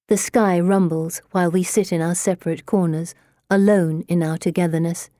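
This audiobook narrator is a woman whose pitch is fairly low. She keeps her storytelling measured and even, captured as clean studio sound with no room sound.

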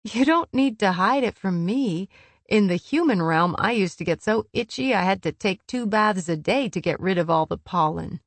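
A woman's voice: medium pitch, animated, moderate pace, dry recording. A woman voicing a blunt, prickly young woman.

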